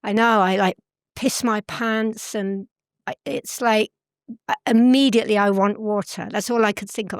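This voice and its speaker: A middle-aged woman telling a personal story as an interview guest, earnest and pausing to search for the right English words. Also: medium pitch, fairly even intonation, smooth, no echo, studio quality.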